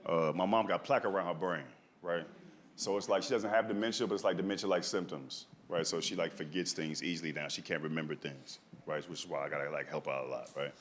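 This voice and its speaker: A male stand-up comedian with a low voice and fairly even intonation talks fast as he tells a story to a live crowd. His conversational delivery leans on "right?" and "dog," with audience noise throughout.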